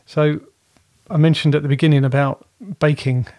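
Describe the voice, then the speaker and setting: A man's voice: fairly high pitch, level tone, normal speed, darkish tone, dry recording, clean studio sound. A man co-hosting a podcast from home, chatting in a rambling way and often correcting himself. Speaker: podcast co-host. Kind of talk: casual chat.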